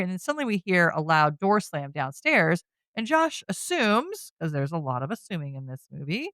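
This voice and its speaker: A woman's voice: lowish voice, big pitch swings, normal speed, a bit bright, no room sound. A woman hosting a podcast, casually retelling a horror film scene by scene, with chatty storytelling. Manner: chatty storytelling, with frequent "you know" and "like". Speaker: podcast host. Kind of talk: casual movie recap.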